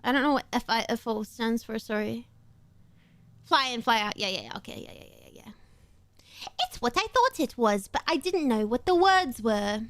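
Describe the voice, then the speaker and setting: High-voiced chatty woman streamer. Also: expressive, fairly bright tone, dry recording. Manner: chatty and rambling, quick asides, laughs often. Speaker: VTuber streamer. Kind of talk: casual chat while playing a game on stream. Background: faint background music.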